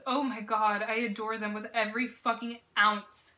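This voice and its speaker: A woman hosting a reaction video, gushing and swearing with bursts of loud exclamations. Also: on the high side, little pitch movement, normal speed. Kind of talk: excited reaction commentary. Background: music video playing.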